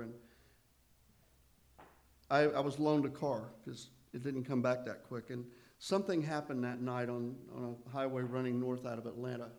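A man's voice: mid-range voice, flat delivery, normal speed, creaky, a little mellow. A man sharing his recovery story at a meeting, in a conversational way with self-deprecating humor.

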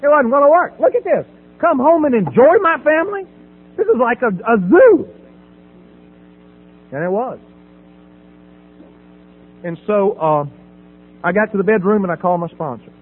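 A man's voice: extremely high pitch, lively intonation, normal speed, long pauses, breathy edge. A middle-aged man sharing his recovery story from a podium, telling it with humor and acting out the voices in dialogue. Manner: storytelling, acts out voices in dialogue, laughs at himself. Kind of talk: personal testimony from a podium. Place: meeting hall at a podium. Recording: tinny phone-like sound with mains hum.

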